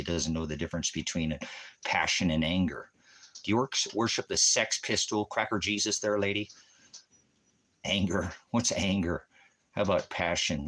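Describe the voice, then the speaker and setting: A man's voice: sits low, a bit bright. A man preaching on a livestream, ranting and mocking commenters in a combative, profane way.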